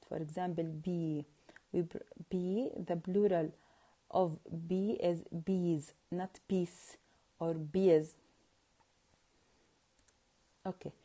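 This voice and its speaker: A woman teacher whose first language is Arabic talks through an English pronunciation lesson at a very slow, careful pace. Her voice is mellow and soft-edged at an ordinary pitch. She keeps posing questions to an unseen class and answering them herself, repeating each example word. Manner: drills words, asks and answers her own questions.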